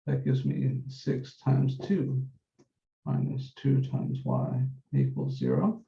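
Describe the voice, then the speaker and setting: A man teaching a math class, working through each step methodically and repeating the key points, slowing down on the numbers as he writes. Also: mid-range voice, sing-song, gravelly. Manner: methodical, repeats key steps, says numbers slowly while writing. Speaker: math instructor. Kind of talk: classroom lecture. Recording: dull echoey classroom recording.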